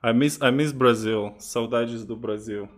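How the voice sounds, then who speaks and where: A man's voice: mid-range voice, normal speed. A man chatting casually on a video call, teasing and laughing often. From Russia. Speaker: host.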